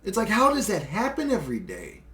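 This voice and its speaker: A man rants in a rambling, profane monologue, his voice a touch higher than most. He swings between muttered asides and exasperated outbursts, filling gaps with "uh" and short laughs. The room around him is noticeably echoey. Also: huge pitch swings, a little fast, bright, forceful tone. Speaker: solo video creator. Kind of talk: casual monologue rant.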